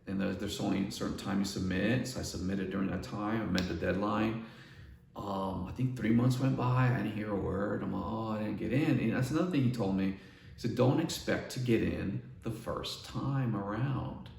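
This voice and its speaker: Middle-aged man, gravelly low voice, rambling storyteller, roomy far-off mic. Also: slight background noise. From Northern California. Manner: rambling, restarts, quotes others in dialogue. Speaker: artist vlogger. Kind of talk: casual storytelling. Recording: echoey room, mic at a distance, faint ambience.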